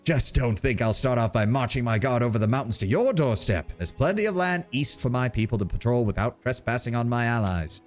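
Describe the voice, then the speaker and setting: A man's voice: medium pitch, lively intonation, brisk, hardly any pauses, soft background music, natural voice. A man voicing a jovial, burly frontier lord who is friendly and shrewd, speaking in a hearty, talkative way.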